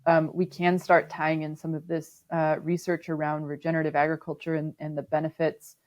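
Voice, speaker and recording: A woman's voice: deep voice, flat delivery, brisk, a little mellow, lo-fi sound. A woman guest on a podcast interview, explaining her work thoughtfully with frequent ums and restarts. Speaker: sustainability manager, podcast guest. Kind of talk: conversational interview.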